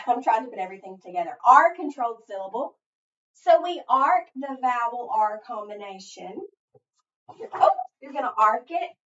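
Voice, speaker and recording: A woman teacher giving a phonics lesson, thinking aloud step by step and pausing so listeners can finish her sentences. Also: a little high, animated, fairly bright tone. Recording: echoey, distant, dull sound.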